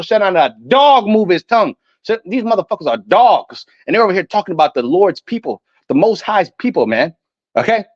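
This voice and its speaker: A man with a notably high voice delivers a fiery sermon, moving between slow scripture reading and combative, profane commentary. The sound is muffled and lo-fi, yet close and dry, with almost no echo. His delivery stays declamatory and defiant throughout. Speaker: preacher. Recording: dull, muffled lo-fi audio.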